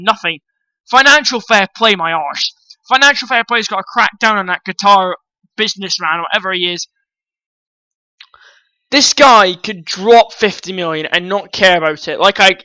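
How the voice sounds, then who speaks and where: Quick to curse, a football vlogger with a high, sharp, bright voice rants bluntly about transfers and addresses his viewers as guys. It's an opinionated take delivered straight at the audience. The sound is close, dry and echo-free, though low in quality.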